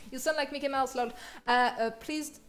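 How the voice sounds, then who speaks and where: Bubbly French woman, high voice. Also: fairly bright tone. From France. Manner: bubbly, laughs often, slips into squeaky bursts. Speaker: art streamer. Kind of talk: casual live-stream chat.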